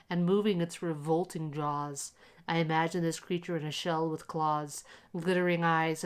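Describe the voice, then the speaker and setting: A woman narrating a classic short story aloud in a calm, measured, expressive reading for relaxation. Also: low voice, clear, resonant tone.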